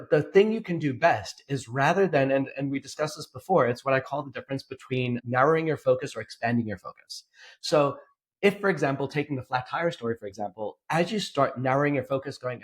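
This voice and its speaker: A man's voice: medium pitch, fast talker, breathy edge. A man hosting a podcast as a coach, explaining anxiety techniques in casual chat. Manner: animated storyteller, acts out quotes.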